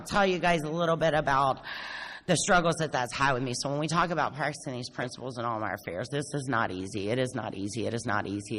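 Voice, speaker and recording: A woman's voice: rumbling low, a bit bright. A woman giving a blunt, sarcastic, self-mocking recovery talk at a convention, swearing freely. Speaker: AA speaker. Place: large convention hall. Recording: echoey hall with faint noise.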